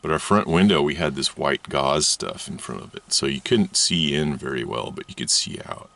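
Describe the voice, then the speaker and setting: A man's voice: rumbling low, expressive, moderate pace, gravelly, fairly bright tone, dry recording. A man telling a rambling personal story from his childhood, laughing often as he talks. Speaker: channel host.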